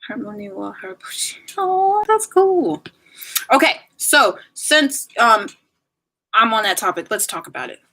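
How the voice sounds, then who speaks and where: A woman's voice: mid-range voice, lively intonation, moderate pace, pushed and bright. A woman in her twenties chatting casually on a livestream and reading viewer comments aloud.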